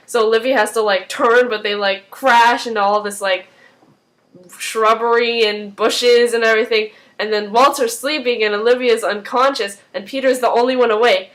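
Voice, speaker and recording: A woman with a medium-pitched, slightly bright voice recaps a TV episode casually. She rambles, says "like" and "um" a lot, and makes a few apologetic asides.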